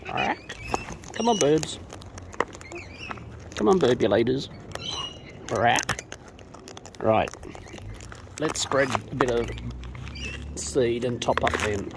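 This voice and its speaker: Outdoors at a bird feeding spot, a vlogger feeds wild birds, cooing, baby-talking and teasing them playfully. Her voice is bass, expressive and creaky, slow with frequent pauses. The noisy outdoor audio carries bird sounds, chattering birds and clicks.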